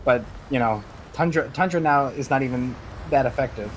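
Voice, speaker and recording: A man's voice: mid-range voice, moderate pace, slight background noise. A man, a guest streamer in a casual gaming chat, who rambles with many restarts and fillers.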